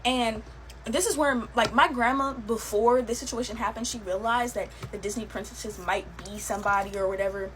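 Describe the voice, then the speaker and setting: A woman's voice: fairly high pitch, steady tone, normal speed, fairly bright tone, a little hiss or hum, poor audio. Chatty young woman telling spooky stories. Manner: chatty, lots of fillers, laughs while telling. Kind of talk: casual storytelling to camera.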